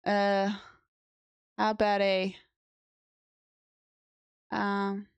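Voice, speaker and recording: A woman's voice: medium pitch, monotone, very slow, vocal fry, clear, resonant tone, no room sound, dull audio. A young woman streamer chatting casually with her viewers and answering chat on a close mic.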